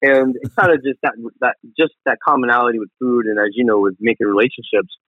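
A man's voice: mid-range voice, fairly even intonation, fast talker, dry recording. A man, a chef, chatting casually as a guest, rambling with many fillers and restarts. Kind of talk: casual interview chat. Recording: tinny phone-like dry sound.

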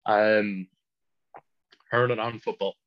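A teenage Irish lad chatting casually, telling rambling stories and laughing mid-sentence. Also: male voice, fairly low pitch, fairly even intonation, slow. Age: teens. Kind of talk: casual chat. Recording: dull lo-fi sound.

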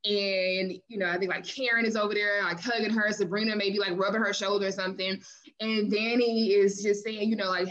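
A woman's voice: mid-range voice, fairly even intonation, brisk, a bit bright. A woman hosting a podcast in casual recap chat, chatty and laughing often as she retells scenes. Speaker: podcast host. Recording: dull lo-fi mic.

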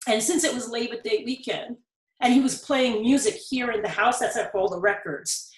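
Earnest middle-aged woman talking in an interview, high voice, roomy echo. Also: moderate pace. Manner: earnest storytelling, rising to pleading emphasis. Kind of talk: personal testimony in conversation. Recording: echoey room.

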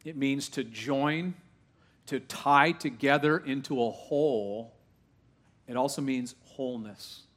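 In a church before a live congregation, a male pastor preaches slowly at medium pitch. His style is conversational and full of questions, swinging between hushed asides and loud, rising exclamations.

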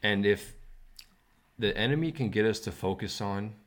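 A man's voice: fairly low pitch, normal speed, fairly bright tone. A man co-hosting a casual commentary chat, telling stories in an earnest, preachy way.

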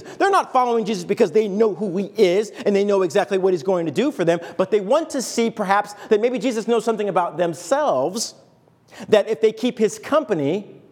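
A male pastor delivers a sermon in a chatty, storytelling way, slipping into quoted voices as he goes. His voice sits high for a man. It rises and falls widely as he talks. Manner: conversational, animated, acts out quoted lines. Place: church sanctuary.

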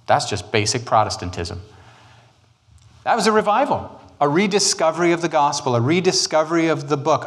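Guy preaching church history, jokey and lively, lots of asides. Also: on the high side. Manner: animated, joking, quick asides and put-on quotes. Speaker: pastor.

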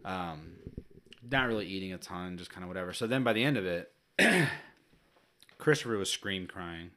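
Low-voiced man telling a family story. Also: animated, normal speed, sharp tone. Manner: storytelling, swears casually, acts out family voices. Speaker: podcast co-host. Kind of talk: casual chat.

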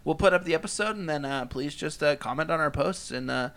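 A man's voice: a little high, a little fast, a bit bright. A young man hosting a casual podcast chat, rambling with lots of fillers and restarts. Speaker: podcast host.

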